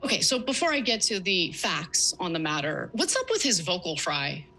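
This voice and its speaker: A woman's voice: on the low side, very animated, moderate pace, bright, forceful tone, rough recording. A woman hosting a news commentary, reading report excerpts aloud with emphatic, sarcastic asides. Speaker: political commentator.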